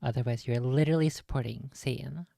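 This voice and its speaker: A streamer commenting on a clip with wry, joking asides in a gravelly voice. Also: mid-range voice, quick pace, dark tone, no echo.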